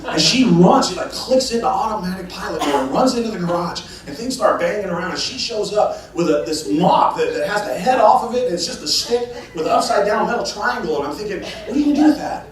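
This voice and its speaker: A man in his thirties doing a stand-up comedy set, telling a story with lively energy and acting out voices. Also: sits high, fast, few pauses. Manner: animated storytelling, acts out voices and rising excitement. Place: large church hall with a live audience. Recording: echoey hall from far off, audience laughter.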